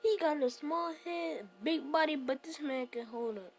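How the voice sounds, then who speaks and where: A woman's voice: high-pitched, moderate pace, a little hiss or hum. A woman reacting to a video with joking commentary and teasing, slangy asides.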